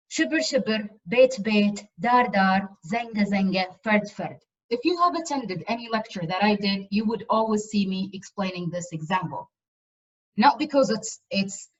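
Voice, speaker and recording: Woman lecturer, earnest and emphatic, mid pitch, muffled video-call audio. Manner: earnest, emphatic with frequent repetitions. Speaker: university lecturer. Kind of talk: online lecture.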